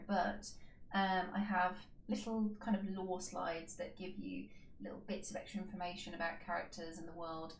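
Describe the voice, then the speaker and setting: A woman's voice: fairly low pitch, vocal fry, recorded from a distance. A woman streaming a game, chatting casually in a rambling way, with many fillers and restarts. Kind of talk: casual live-stream chat. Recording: echoey room, faint background noise.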